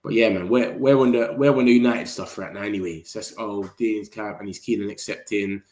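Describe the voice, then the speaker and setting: A man, talking excitably in slang as a football fan streamer and reacting to his chat. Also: fairly low pitch, a little fast. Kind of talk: casual livestream commentary. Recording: roomy echo.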